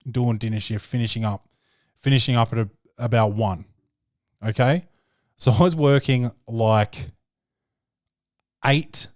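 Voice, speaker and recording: A man's voice: medium pitch, darkish tone, no echo, studio quality. A man with an Australian accent hosting a podcast, telling a story in a loose, rambling way, full of fillers and swearing. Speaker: podcast host. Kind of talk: casual podcast monologue.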